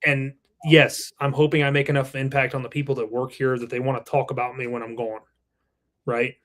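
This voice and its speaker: A man's voice: mid-range voice, little pitch movement, fairly quick, a bit bright. A man in his thirties, a company president, talking earnestly and reflectively in a casual interview, with the odd curse word. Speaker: roofing company president, podcast guest.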